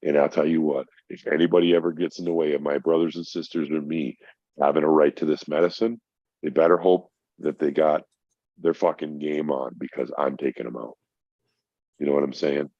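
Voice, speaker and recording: A man's voice: extremely low pitch, little pitch movement, a little fast, no echo. A middle-aged man, a podcast guest, telling a personal story in casual chat, swearing often and calling the host bro. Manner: profane, emphatic, addresses host as bro. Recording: dry, dull lo-fi sound.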